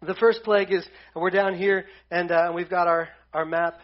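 A man with a high voice teaches a Bible lesson to a group and keeps it casual and joking. He retells scripture in everyday slang. The recording sounds dull and lo-fi. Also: fairly even intonation, moderate pace.

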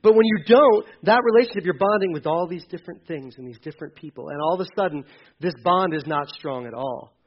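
Male pastor preaching, pretty high voice, pushes hard then goes quiet, kinda muffled recording. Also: quick pace, husky. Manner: emphatic, swings between loud urging and quiet asides. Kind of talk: sermon. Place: church hall with a congregation.

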